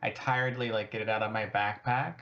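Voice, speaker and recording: A man's voice: lowish voice, fairly even intonation, brisk. A man playing a tabletop game, rambling with many fillers. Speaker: player. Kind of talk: casual tabletop play. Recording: dull lo-fi mic.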